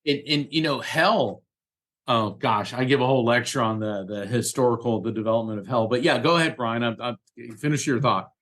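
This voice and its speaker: A man talking in a relaxed interview, telling stories and explaining history with lively asides. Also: medium pitch, a little fast. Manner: animated storyteller, acts out voices in quotes. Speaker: guest, medium and lecturer. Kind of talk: casual conversation.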